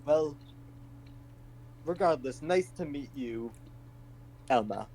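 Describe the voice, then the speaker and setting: Brief: exasperated male player in character, higher voice, lively, faint hum. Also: slow. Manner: animated, exasperated, swearing. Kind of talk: in-character tabletop role-play.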